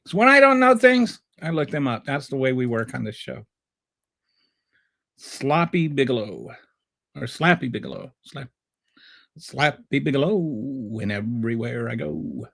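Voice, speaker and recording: A man's voice: medium pitch, creaky, a bit bright. A man hosting a livestream who gives political commentary and answers live chat in a sarcastic, combative way, often rambling and restarting. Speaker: livestream show host.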